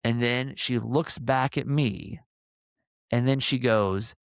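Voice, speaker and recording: A man's voice: medium pitch, slow pace, clear, resonant tone, dry recording, clean studio sound. A man in his forties hosting a podcast, telling a rambling story with lots of fillers and acting out what people said. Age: 40s. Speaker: podcast host. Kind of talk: casual storytelling chat.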